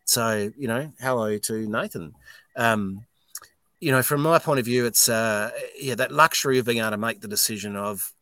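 A man's voice: mid-range voice, moderate pace, dry recording. A middle-aged Australian man, a distillery owner talking as a guest in a casual podcast interview, blunt and swearing as he tells stories. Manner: blunt, swearing, animated storyteller.

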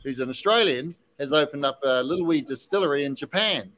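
A man hosting a podcast, telling an animated story casually with many restarts and asides. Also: fairly high pitch, brisk, low-quality recording. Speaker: podcast host, whiskey distiller.

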